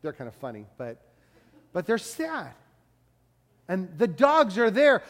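A man preaching a sermon in a conversational way, swinging from loud to hushed. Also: sits high, very animated, moderate pace, in a large hall. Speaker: pastor.

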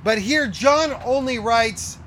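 A middle-aged male pastor delivering a sermon in a notably high voice. He presses his points with emphasis and says key lines twice, sometimes sinking to a near hush. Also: slow, slight background noise. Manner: emphatic, repeats key lines, drops to a hush for quoted words.

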